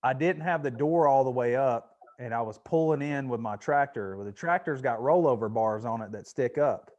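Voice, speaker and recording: A man hosting a casual podcast, telling personal stories in an easy, unhurried way. He swears often without heat, and his voice sits at an ordinary middle pitch for a man. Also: darkish tone, muffled recording. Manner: laid-back storytelling with frequent swearing. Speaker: podcast host.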